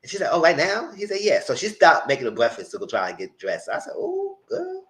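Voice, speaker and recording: A man giving a casual, animated live recap of a reality show, full of quoted asides. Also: a little high, quick pace, poor audio.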